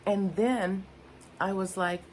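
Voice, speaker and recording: A woman's voice: mid-range voice, fairly even intonation, slow, darkish tone, a little hiss or hum. An older woman vlogging unscripted, candid and rambling, often searching for her words. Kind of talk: unscripted personal talk to camera.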